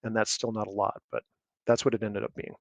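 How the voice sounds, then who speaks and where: A man answering audience questions as a guest birding speaker, explaining in a measured way with many fillers. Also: on the low side, level tone, vocal fry, dry recording, highs cut off.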